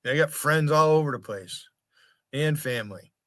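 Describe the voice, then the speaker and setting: A man's voice: fairly high pitch, normal speed, fairly bright tone, no room sound, clean studio sound. An American man hosting a livestream, taunting and swearing at people in his chat in a mocking rant. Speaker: livestream host. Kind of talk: profane rant at chat viewers.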